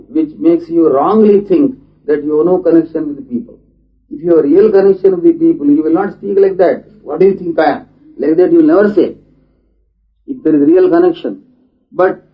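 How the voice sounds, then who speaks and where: A man giving a philosophical lecture, deliberate in manner and asking many rhetorical questions. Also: on the high side. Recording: dull lo-fi recording.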